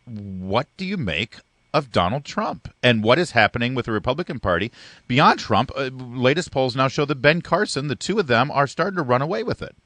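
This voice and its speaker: Man, talk radio co-host, eager questions, bright voice, dry studio sound. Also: mid-range voice, big pitch swings, fairly quick, dry recording. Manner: probing questions, eager and engaged. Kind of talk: political talk radio interview.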